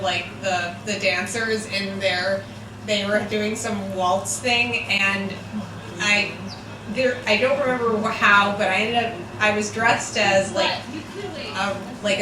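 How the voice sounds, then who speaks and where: A woman recalling a dream in a casual, halting way with many hesitations. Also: medium pitch, steady tone, heavy reverb, recorded from a distance, background noise. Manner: halting, full of fillers and restarts. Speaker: interviewee describing a dream. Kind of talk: casual recollection.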